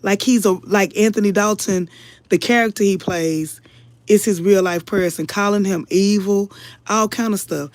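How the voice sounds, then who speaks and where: A woman's voice: mid-range voice, no room sound. Earnest emotional woman commentator. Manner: earnest, preachy, keeps addressing the audience as y'all. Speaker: online commentator. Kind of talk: casual livestream commentary.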